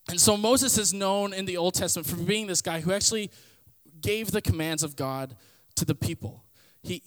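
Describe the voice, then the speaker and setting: A man with a notably high voice hosts a relaxed Bible teaching podcast. He tells stories and retells scripture in loose everyday slang, and his voice trails off into a long reverb tail. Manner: conversational, storytelling, paraphrases scripture in everyday slang.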